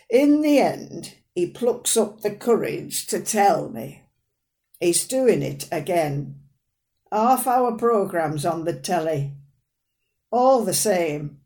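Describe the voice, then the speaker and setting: A woman playing an elderly mother, slow and lilting. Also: mid-range voice, warm tone. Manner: dry, gossipy, plain-spoken. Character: elderly northern mother, fussy, proud, sharp-tongued. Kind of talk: dramatic monologue.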